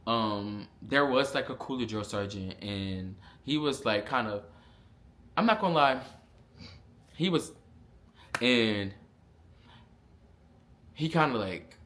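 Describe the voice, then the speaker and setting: A young man vlogging a casual storytime, animated and full of slang and profanity. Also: on the low side, a little hiss or hum.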